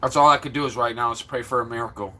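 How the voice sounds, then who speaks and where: A man's voice: rapid-fire, sharp tone. A stressed man from Florida rambling casually to his livestream viewers. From Florida, USA. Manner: rambling, talks to viewers, turns low and subdued.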